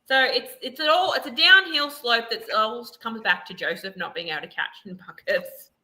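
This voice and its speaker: A woman co-hosting a casual podcast chat, her voice very bright and sharp. She sits a touch high in pitch and talks in quick, chatty asides as she recaps scenes. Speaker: podcast co-host.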